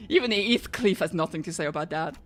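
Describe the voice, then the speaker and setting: A woman's voice: on the low side, expressive, fast talker. Woman streamer reading game lines aloud. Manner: reads dialogue aloud, jokes about not doing accents. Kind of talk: casual game playthrough with voiced reading.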